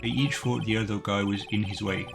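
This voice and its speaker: A man doing a gruff blunt cop. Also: fairly low pitch, steady tone, fairly quick. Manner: blunt, loyal, says sir. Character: blunt gruff male police detective. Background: game music.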